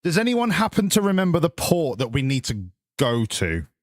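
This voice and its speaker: A man's voice: a little high, wildly swooping pitch, moderate pace, no room sound. A man giving rambling, crude, jokey commentary while streaming a game. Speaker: gaming streamer. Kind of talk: casual gameplay commentary.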